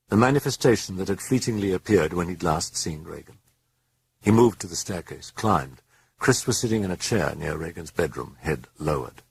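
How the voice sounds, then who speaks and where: A man narrating a horror novel in a dramatic, expressive way. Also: sits low, creaky, breathy edge.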